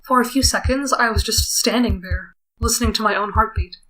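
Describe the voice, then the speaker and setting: A woman's voice: fairly high pitch, fairly quick, bright, forceful tone, a little hiss or hum. Wry young-sounding woman reading a visual novel. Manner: wry, self-conscious asides between read lines. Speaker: let's player.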